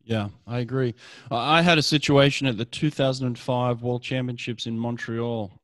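A man's voice: medium pitch, fairly even intonation, normal speed, a bit bright, no echo. A middle-aged man, a swim coach telling stories in casual conversation, often restarting his phrases. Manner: storytelling, frequent restarts.

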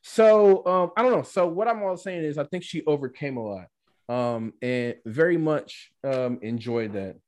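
Male podcast co-host, slightly high voice, rambling casual chat, keeps tossing in "right?". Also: normal speed. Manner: rambling, animated, frequent "right?" asides.

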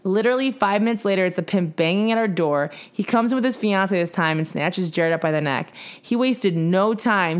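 A woman hosting a podcast, reading a wild story aloud in casual chat, lively and blunt with slang and swearing. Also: mid-range voice, brisk, hardly any pauses. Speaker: podcast host.

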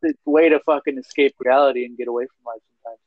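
A man's voice: mid-range voice, steady tone, racing, phone-quality sound. A young man chatting casually, rambling and swearing heavily with lots of fillers. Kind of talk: casual podcast chat.

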